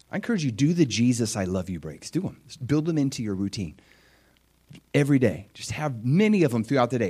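Middle-aged male preacher, expressive sermon delivery, swings from loud to whispered asides. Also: mid-range voice, a little fast, breathy edge. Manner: animated, acts out prayers and Jesus' replies, drops to whispers.

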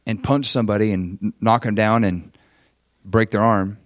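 A man's voice: on the low side, fairly even intonation, moderate pace, no room sound, studio quality. A man preaching a sermon as pastor, emphatic and conversational, often checking in with his listeners. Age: adult father with children.

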